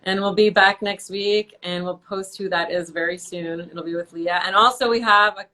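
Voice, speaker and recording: Bright, effusive woman hosting a livestream. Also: mid-range voice, steady tone. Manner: effusive and enthusiastic, quick to laugh. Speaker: host. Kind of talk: casual livestream interview chat.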